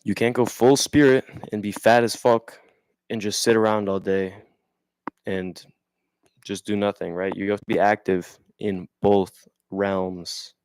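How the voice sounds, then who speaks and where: A young man with a very low voice talks straight into a dry, close mic. He rambles in slang, reads a bit of text aloud and keeps checking in with "right?". His delivery is loose and conversational. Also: steady tone, unhurried, darkish tone, smooth, no echo. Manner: reads passages aloud then riffs on them. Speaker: vlogger. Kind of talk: casual explanatory monologue.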